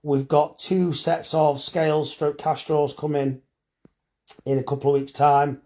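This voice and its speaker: A man's voice: fairly high pitch, little pitch movement, unhurried, dark tone. A middle-aged man, a farmer and butcher, chatting casually and bluntly on a phone live stream, reading out comments and swearing now and then.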